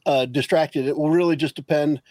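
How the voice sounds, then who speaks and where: A man's voice: fairly high pitch, fairly even intonation, a little fast, a little mellow, no room sound, rough recording. A man playing a tabletop game, thinking aloud as he explains what his character does. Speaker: player.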